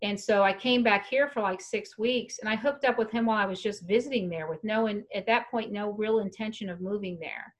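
A woman's voice: mid-range voice, a little fast, few pauses. Chatty woman telling a rambling story. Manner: chatty, rambling, frank and laughing. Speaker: guest storyteller. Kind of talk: casual storytelling chat.

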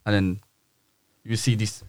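A young man, a podcast guest telling a story in relaxed, laid-back slang. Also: on the low side, unhurried, dry recording. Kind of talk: casual storytelling.

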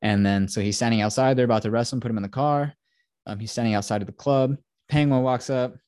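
A man's voice: medium pitch, steady tone, quick pace, darkish tone, smooth, dry recording, studio quality. A young man hosting a podcast, giving a rambling, profane retelling of a film plot in casual chat. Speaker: podcast host.

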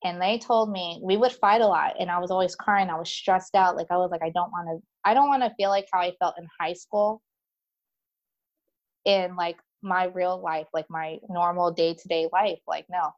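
A woman telling her own story in casual conversation as a guest, chatty and animated, with many fillers, voicing the people in it. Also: lowish voice, moderate pace, highs cut off.

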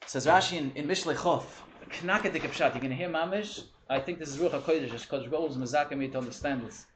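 Man, Torah lecture, lively and acting out complaints, fairly high voice, echoey room. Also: quick pace. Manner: animated, mixing Hebrew and Yiddish terms, acts out complaints. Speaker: Torah teacher. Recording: echoey room with faint hum.

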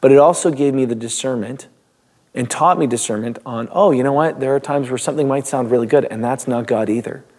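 A male pastor reading a Bible passage, then giving a relaxed, conversational devotional with occasional restarts. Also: medium pitch, brisk, husky. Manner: reads scripture, then talks loosely with restarts and small laughs.

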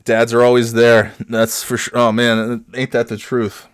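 A man's voice: mid-range voice, completely flat delivery, measured pace, clean tone, dry recording, studio quality. A middle-aged man hosting a podcast, telling a comic story in a rambling, self-mocking way that drops into mumbles. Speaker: podcast host.

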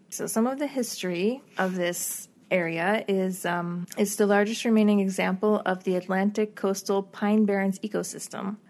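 A woman's voice: medium pitch, darkish tone. A woman in a casual podcast chat, steadily reading out prepared facts. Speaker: podcast co-host.

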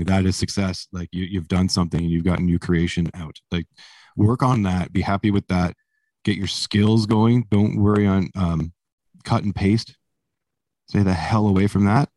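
A man with a fairly low voice, talking casually in an interview. He rambles through stories, swears freely and laughs along the way. The sound is dry and close, with no room around it. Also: darkish tone, dry recording. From Canada. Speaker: musician guest.

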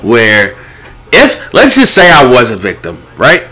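A young man tells a story in casual chat, full of slang and swearing. His voice is bright and forceful and swings widely in pitch. The delivery is animated. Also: unhurried, breathy edge.

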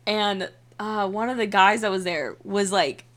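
A young woman in her twenties hosting a podcast, telling stories in casual, animated chat, full of swearing and "like". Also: medium pitch, measured pace. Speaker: podcast host.

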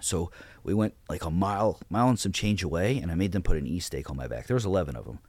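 A man's voice: deep voice, animated, quick pace, darkish tone, no echo. A blunt, profane man in his thirties, a podcast guest telling stories about how he ran his platoon. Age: 30s. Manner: blunt, profane, retells his own orders. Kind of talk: casual interview storytelling.

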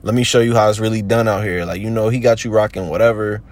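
A man's voice: fairly low pitch, fairly even intonation, fast talker, close to an everyday voice. A man putting on the voice of a smug, boastful male wrestler who is sweet-talking a woman.

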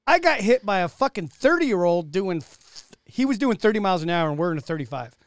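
A man chats casually, swearing freely and bursting into loud exclamations as he tells stories. The recording is dry and close, with no room sound around him. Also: high voice, a little fast, clear, resonant tone, no room sound. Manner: profane, animated storytelling with loud outbursts. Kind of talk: casual chat.

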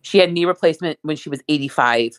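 A woman's voice: low-pitched, fast talker, no echo. A woman talking in casual chat, rambling with lots of asides.

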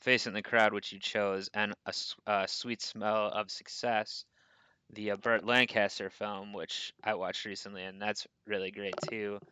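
A man co-hosting a casual movie podcast, with a bright, forceful voice recorded close and dry. He sounds animated and argues back with energy, and his pitch sits a little low. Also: measured pace, clean tone, no room sound, poor audio. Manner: animated, pushes back in debate. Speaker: podcast co-host.

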